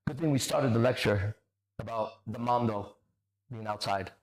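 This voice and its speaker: A man's voice: medium pitch, normal speed. A man hosting a livestream, answering chat comments in a confrontational, profane, lecturing way. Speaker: host.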